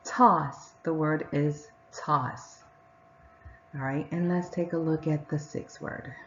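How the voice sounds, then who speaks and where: A woman teacher giving a patient reading lesson to young children, sounding out words and reading sentences slowly and clearly. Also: low voice, fairly even intonation, lo-fi sound, a little hiss or hum.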